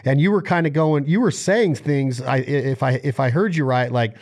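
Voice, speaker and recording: A man's voice: medium pitch, normal speed, darkish tone. Enthusiastic male podcast host. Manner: enthusiastic, loose phrasing. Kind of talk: casual interview chat.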